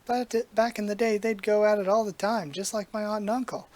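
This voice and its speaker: A reader voicing a talking umbrella that talks like a gruff old-movie tough guy, full of brash, folksy wisecracks. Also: mid-range voice, level tone, fairly quick, darkish tone, pitched above the performer's own voice, natural voice. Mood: wisecracking. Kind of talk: reading comic dialogue aloud.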